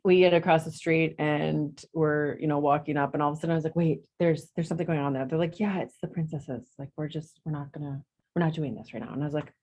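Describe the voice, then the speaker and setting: Animated storytelling middle-aged woman. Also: fast. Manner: animated, acts out quotes with big jumps in pitch. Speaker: real estate agent in coaching group. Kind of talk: casual storytelling.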